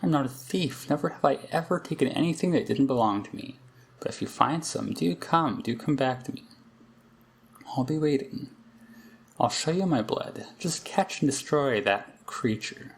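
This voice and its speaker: A man reading aloud the lines of a frantic young girl who says her demonic double is hunting her, in a rushed, pleading way. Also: medium pitch, animated, creaky. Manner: pleading, rushed, half-hysterical. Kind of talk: reading game dialogue aloud.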